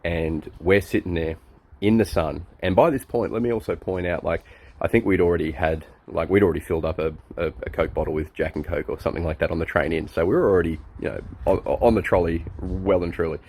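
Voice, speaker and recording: Deep-voiced Australian bloke, forties, chuckly rambling storyteller. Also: male voice, fairly quick, a little mellow, breathy edge. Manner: chuckling, loose storyteller with many fillers. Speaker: friend giving a birthday message. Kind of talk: rambling anecdote.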